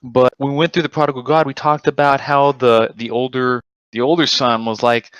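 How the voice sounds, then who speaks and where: A man in a casual group Bible study discussion who gets excited and emphatic, repeating words as he talks. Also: medium pitch, fairly quick, few pauses, smooth, no echo, muffled recording.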